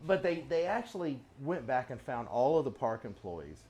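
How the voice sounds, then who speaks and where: A man's voice: medium pitch, very animated, normal speed, a little mellow. A middle-aged man hosting a casual workshop chat, telling long rambling stories and chuckling often. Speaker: host.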